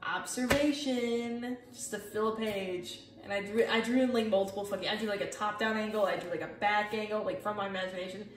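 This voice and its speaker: This young artist speaks briskly in a steady, mid-range voice with few pauses as she casually rambles through her sketchbook, swearing a lot and mocking herself. The echoey recording is made from a distance, with music playing behind her.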